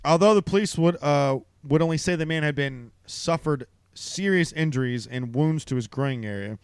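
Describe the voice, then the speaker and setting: A man's voice: mid-range voice, clean tone, no echo. A man reading a news story aloud in casual chat, laughing often and mocking how the article is written. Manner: laughs often and breaks off to mock the article's writing. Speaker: podcast co-host.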